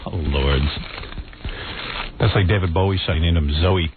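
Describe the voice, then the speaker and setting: A man's voice: deep voice, fairly even intonation, quick pace, background noise. A man hosting a radio show, riffing crudely with mock outrage in comic banter. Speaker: radio host. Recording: tinny phone-like band with music behind.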